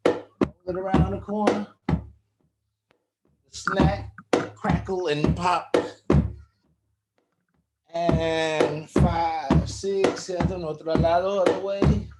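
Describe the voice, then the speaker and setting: Man leading a slow rhythmic warm-up. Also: high-pitched, steady tone, over loud music. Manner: rhythmic counting and chanting, switching between English and Spanish. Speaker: workshop facilitator. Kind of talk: guided warm-up and call-and-response on a video call. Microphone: video call.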